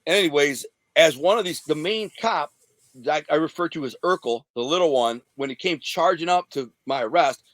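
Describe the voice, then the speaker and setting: A man's voice: on the high side, normal speed, fairly bright tone, no echo. A man from the Detroit area, a guest telling a blunt, profane, streetwise story from his past. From Detroit area, USA. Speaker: interview guest.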